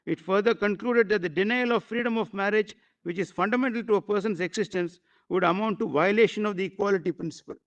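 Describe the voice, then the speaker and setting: A man arguing a case before judges in a courtroom, formal and deferential, often pausing with fillers. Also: high-pitched, fairly bright tone, muffled recording. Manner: formal, constantly addressing the bench, hesitant fillers. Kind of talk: courtroom legal argument.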